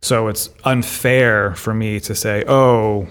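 A podcast co-host talks through ideas in a thoughtful, casual discussion, often repeating words as he thinks. His voice is lowish, smooth and fairly bright, with fairly even intonation and a slow pace.

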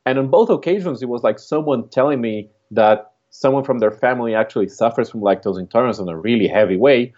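A man's voice: medium pitch, fast, few pauses, darkish tone. Man with a Chilean Spanish accent. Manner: reflective, rambling with many fillers. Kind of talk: casual chat. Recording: dull lo-fi recording.

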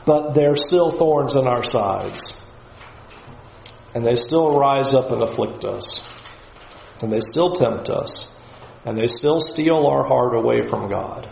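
A man's voice: mid-range voice, takes it slowly, gravelly, pauses often, echoey room, slight background noise, rough recording. A man giving a Bible lesson in an emphatic way, often acting out the voices he quotes. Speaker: Bible teacher.

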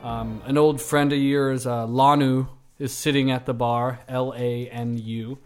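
A man running a tabletop game as game master, narrating in a relaxed way and laughing often. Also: medium pitch, measured pace, soft background music.

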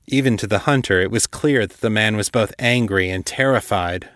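A man hosting a podcast, reading a dark fantasy story as scripted narration in a measured, deliberate way. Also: fairly low pitch, dry recording, studio quality.

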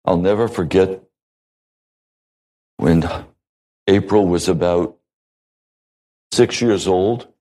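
Slow, low-voiced male pastor preaching. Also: dark tone, rough recording. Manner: slow, measured preaching with deliberate pauses. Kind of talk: sermon.

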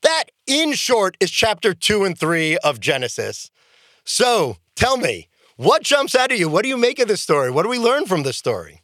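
An enthusiastic rabbi hosting a podcast and telling a story. His voice is high for a man, and his pitch swings widely. The recording is dry and close. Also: normal speed, no echo. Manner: animated, enthusiastic.

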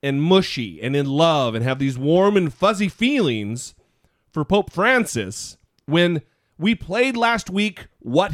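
Male podcast co-host, lively pitch, dry close mic, rambling and self-deprecating. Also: no room sound. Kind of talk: casual podcast chat.

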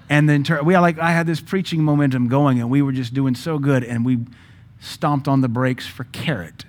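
Here a pastor in the middle of his sermon keeps things lively and funny for his church. Speaking at a normal speed in a mid-range voice, he alternates between forceful, emphatic outbursts and plain talk.

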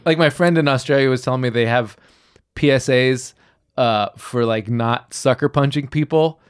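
Dry, measured man on a comedy podcast. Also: medium pitch, clear, resonant tone, dry recording. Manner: measured, dry, filler-heavy with "like" and "uh". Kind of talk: casual comedic chat.

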